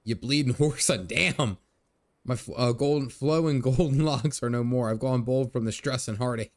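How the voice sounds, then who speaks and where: A man reading out a gruff, bitter aging adventurer in rough, folksy phrasing, stumbling now and then. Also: medium pitch, moderate pace, lightly acted. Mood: aggrieved.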